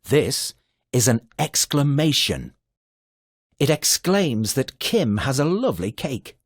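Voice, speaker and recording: Slow, sing-song husky male narrator. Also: medium pitch, big pitch swings, dry recording, clean studio sound. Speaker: narrator of a teaching video. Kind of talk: scripted narration for children.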